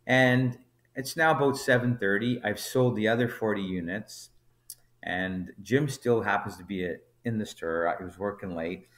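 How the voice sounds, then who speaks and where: A man's voice: fairly low pitch, normal speed. A man, a brewery co-founder guest on a podcast, telling an anecdote and acting out the dialogue as he goes. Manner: animated storyteller, acts out dialogue in quotes. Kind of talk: storytelling anecdote in conversation.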